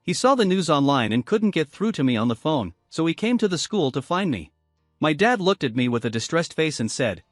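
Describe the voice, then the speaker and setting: A man narrates a melodramatic first-person story in a fairly high voice that rises and falls a lot. The sound is dry and close to the mic. Soft music plays faintly beneath him. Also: big pitch swings, fairly quick, dry recording. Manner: dramatic storytelling.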